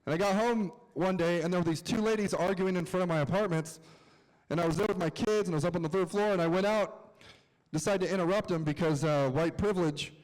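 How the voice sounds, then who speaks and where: A man doing a stand-up set on an outdoor plaza stage, with self-mocking, deadpan asides. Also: sits high, quick pace, long reverb tail, low-quality recording. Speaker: stand-up comedian.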